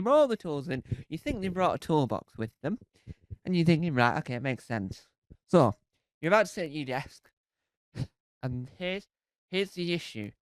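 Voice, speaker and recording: A man doing a stand-up routine, animated and acting out scenes with sung riffs. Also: fairly high pitch, clean tone, no room sound. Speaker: stand-up comedian.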